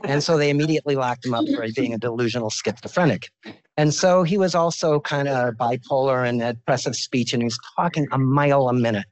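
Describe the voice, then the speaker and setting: A man's voice: medium pitch, fairly quick, no echo, low-quality recording. Older man giving a joking medical lecture. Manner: informal, joking storyteller. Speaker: visiting professor of medicine.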